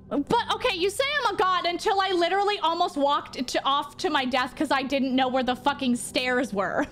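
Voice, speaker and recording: A young woman streaming a horror game from her home office, excitable and jokey, swearing and jumping into squeals. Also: very high voice, normal speed, a little hiss or hum. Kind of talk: live gameplay commentary.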